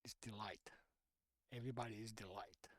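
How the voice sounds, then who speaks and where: A man's voice: on the low side, fairly even intonation, normal speed, no echo. A man streaming a game, chatting casually and half-muttering through menu choices in slightly non-native phrasing. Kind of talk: casual gameplay commentary.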